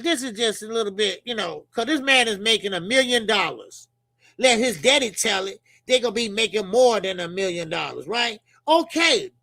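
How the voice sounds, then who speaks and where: A middle-aged man with a Chicago accent giving casual, profane, animated boxing commentary as a channel host. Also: very high voice, no room sound. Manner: animated, profane, laughing banter.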